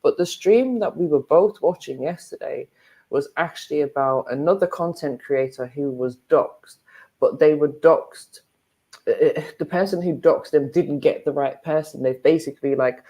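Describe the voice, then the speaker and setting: A woman's voice: low voice, moderate pace, dark tone, breathy edge. A woman, talking bluntly and emphatically in a casual live-stream chat, swearing freely.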